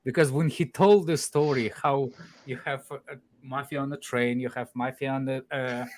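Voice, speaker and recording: A man's voice: mid-range voice, fairly even intonation, moderate pace. A man with a Russian accent, telling stories from his youth in a casual chat and laughing through them.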